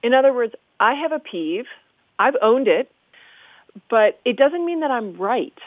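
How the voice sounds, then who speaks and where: A woman's voice: on the high side, expressive, a little slow, no echo. A woman historian of the language explaining usage in conversation, articulate and amused, lecturing in an easy way. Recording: tinny phone-like dry sound.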